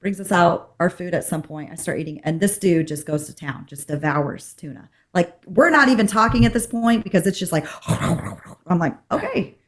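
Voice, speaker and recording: A woman co-hosting a podcast, telling a story in animated casual chat and acting out the dialogue. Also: on the low side, a little fast, few pauses. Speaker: podcast co-host.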